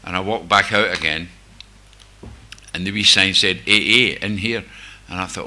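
This is personal testimony to a group: an older Scotsman from near Glasgow, with a Glasgow-area accent, recounting his own recovery candidly and with self-mocking humor. He speaks at a moderate pace in a low-pitched, sharp-toned voice.

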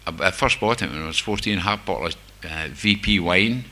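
A little fast and low-pitched, with a pushed, bright quality, an older Scottish man with a Glasgow-area accent speaks to a group. His testimony about his own recovery is candid and full of wry self-mockery.

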